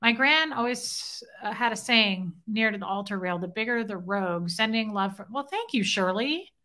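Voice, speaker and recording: In a casual live-chat storytelling session from her home, a woman animatedly recounts a story and thanks viewers individually by name. The medium-pitched voice is animated and pushed and bright, moving at a moderate pace.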